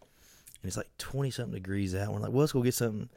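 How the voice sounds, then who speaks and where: Profane, animated man telling a story. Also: fairly low pitch, fast, gravelly, no room sound, clean studio sound. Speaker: podcast co-host. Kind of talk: casual storytelling chat.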